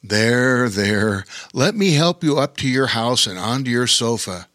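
A man doing a gentle, kindly bear king. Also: medium pitch, animated, unhurried, no room sound, studio quality.

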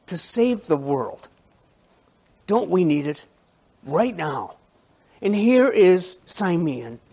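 A male pastor preaching a sermon in a conversational, animated way, with asides to the congregation and frequent restarts. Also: high voice, husky.

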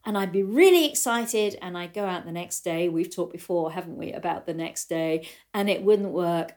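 Older woman, riding coach, lowish voice, thoughtful storytelling talk. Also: normal speed. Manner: thoughtful, storytelling, animated quotes. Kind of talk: reflective spoken talk to riders.

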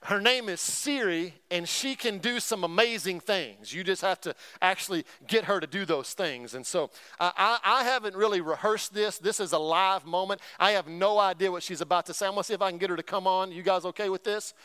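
Energetic pastor with a high, clear voice. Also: male voice, fairly quick, hardly any pauses. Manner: energetic, call-and-response with the congregation; folksy storytelling with humor. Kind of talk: sermon.

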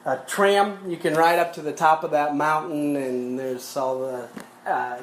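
A man's voice: on the high side, steady tone, measured pace, a little hiss or hum. A pastor preaching a sermon, telling a story between quoted scripture and chuckling as he goes. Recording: echoey room.

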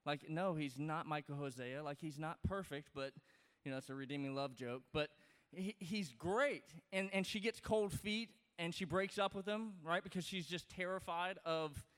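A man from Louisiana, speaking, preaches to his congregation in a loose, joking, conversational way. His voice sits a little high and comes across smooth and resonant. The sound carries a long, reverberant tail from a large church hall. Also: moderate pace, a bit bright. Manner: conversational, joking, lots of fillers and restarts. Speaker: pastor. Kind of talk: sermon.

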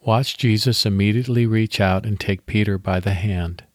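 A man hosting a devotional podcast, reading scripture slowly and leading a guided meditation. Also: fairly low pitch, fairly even intonation, no echo, clean studio sound.

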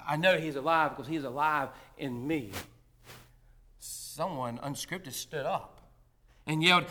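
A male pastor delivering a sermon, telling a story with rising intensity and then slowing into quiet, deliberate reflection. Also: fairly high pitch. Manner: dramatic storytelling that swells loud, then drops to a hushed, slow close.

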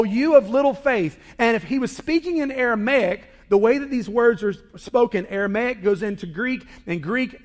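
A man preaching a sermon indoors, moving between hushed, intimate lines and loud, emphatic ones. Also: sits high. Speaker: pastor. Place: indoor worship hall. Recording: reverberant hall.

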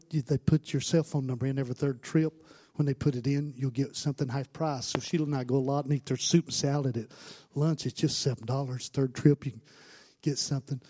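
A man preaching a sermon, swinging between quiet storytelling and loud, emphatic preaching. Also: mid-range voice. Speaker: pastor.

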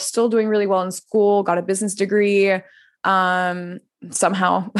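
Woman in her thirties from France, a candid podcast guest with a mid-range voice who chats loosely and swears. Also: mid-range voice. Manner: candid and chatty, heavy use of "like", swears freely. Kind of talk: casual interview storytelling.

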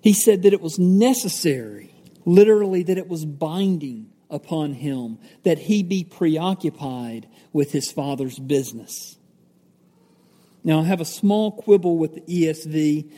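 A pastor giving a sermon, teaching from the Bible in a conversational way, with fillers and self-corrections. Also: male voice, a little high, expressive, measured pace, mellow. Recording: echoey hall with long reverb.

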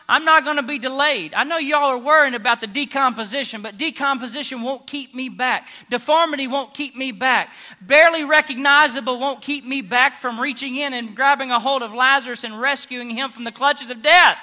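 Man preaching, very high pitch, piercing bright tone, impassioned sermon. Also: steady tone, normal speed. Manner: impassioned, rising to shouts and dropping to hushed tones.

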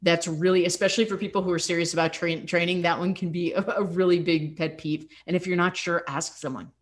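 A woman's voice: fairly low pitch, steady tone, fairly quick. A young adult woman fitness coach hosting a podcast, talking candidly and encouragingly, with laughs slipping in. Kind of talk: casual motivational podcast talk.

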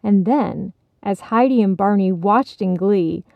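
Gravelly woman reading a storybook. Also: mid-range voice, a little slow, dry recording, muffled recording. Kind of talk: storybook narration.

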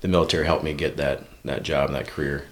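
A man's voice: a bass voice, steady tone, fast. A man in his thirties from Minnesota, a podcast guest chatting casually and telling his story, acting out bits of remembered dialogue. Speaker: podcast guest, police officer and Marine veteran. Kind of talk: casual chat.

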